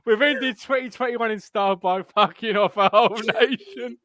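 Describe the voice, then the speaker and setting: A man's voice: sits high, normal speed, bright, forceful tone, slight background noise. A man with a Suffolk accent hosting a casual live fan show from his living room while ill with tonsillitis. He swears freely, laughs at himself, and rambles between thoughts. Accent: Suffolk English. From Suffolk, England. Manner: swearing, laughing, self-mocking.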